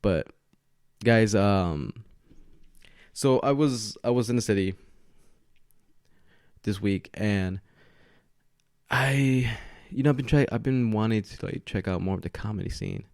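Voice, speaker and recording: Tipsy guy rambling on his solo podcast, gravelly voice, dry close sound. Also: fairly low pitch, a little slow, long pauses, a little mellow, dry recording. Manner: loose, rambling, laughs often. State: a bit tipsy from tequila. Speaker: podcast host. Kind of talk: casual solo podcast chat. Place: at home, recording alone. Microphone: podcast mic with camera setup.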